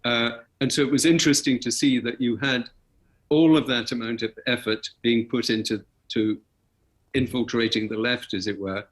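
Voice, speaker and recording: A man's voice: mid-range voice, fairly even intonation, moderate pace. A man speaking as a talk show guest, reflective and recounting past events. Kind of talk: interview conversation.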